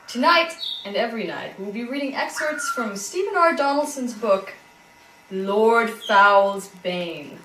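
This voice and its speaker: A woman's voice: mid-range voice, fairly bright tone, a little hiss or hum. A woman co-hosting a homemade show, opening it in a playful, mock-formal way. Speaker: co-host. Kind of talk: casual podcast intro. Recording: roomy, distant amateur recording.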